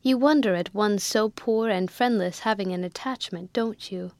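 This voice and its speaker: A woman's voice: medium pitch, moderate pace, darkish tone, dry recording, lightly acted. A woman reading the part of a poor young woman with a sweet, simple, faltering voice, in a storybook reading. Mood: tearful.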